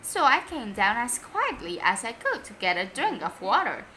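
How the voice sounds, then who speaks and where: A woman's voice: on the high side, sing-song, moderate pace, pushed and bright, a little hiss or hum, low-quality recording. A woman voicing a whiny, well-behaved young boy who sniffles and tattles. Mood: sweetly apologetic. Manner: sniveling, tattling.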